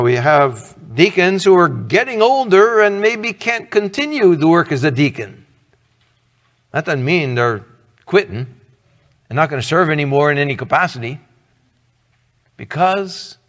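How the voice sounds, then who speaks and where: Middle-aged male pastor, earnest conversational sermon, slow delivery, slightly high voice. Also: big pitch swings, fairly bright tone, in a large hall. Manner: earnest, conversational preaching with rhetorical questions.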